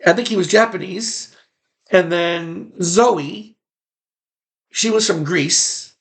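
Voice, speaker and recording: Gravelly-voiced man reminiscing. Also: high voice, takes it slowly. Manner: rambling, repeats phrases for emphasis. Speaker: former background extra. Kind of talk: casual personal reminiscence.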